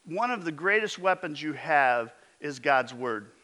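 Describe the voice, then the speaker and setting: A man preaching a sermon as pastor, emphatic, with his voice often dropping low and intense. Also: expressive, a little slow, sharp tone.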